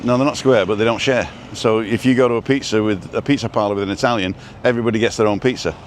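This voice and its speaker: A rambling, chatty man hosts a live stream from his phone while out on a street, pausing to read viewer comments. His voice sits on the low side, and a faint hum of traffic runs underneath. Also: fairly even intonation. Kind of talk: casual live-stream chat.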